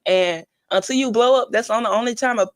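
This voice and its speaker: A young woman with a slightly high voice speaks fairly quickly. She mentors kids, talking earnestly in a casual conversation and telling stories that include quoted advice.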